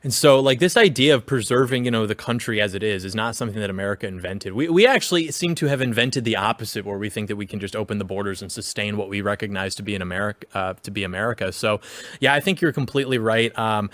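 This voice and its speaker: A man's voice: fairly low pitch, fast talker, fairly bright tone, dry recording. Sarcastic young man, dry sound. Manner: sarcastic, joking, acts out quotes. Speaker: podcast co-host. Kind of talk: casual political chat.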